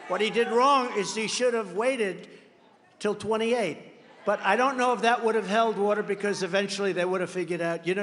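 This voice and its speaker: An older American man giving a rambling, boastful campaign rally speech, breaking into sudden shouts. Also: high-pitched. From United States. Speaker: political candidate. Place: large rally venue. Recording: reverberant hall with a long echo.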